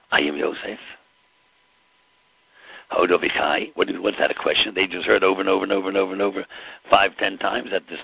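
A man's voice: sits low, vocal fry, husky, no echo. A man teaching a Torah lesson, telling the story with dramatic flair and Hebrew phrases. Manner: dramatic storytelling, acts out the scene. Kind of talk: Torah lecture mixing Hebrew and Yiddish terms. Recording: tinny phone-line audio.

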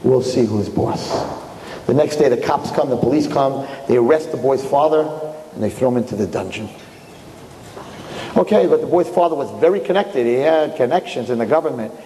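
A man telling a story in an animated, emphatic way. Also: medium pitch, brisk, a little hiss or hum. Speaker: speaker. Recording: echoey hall.

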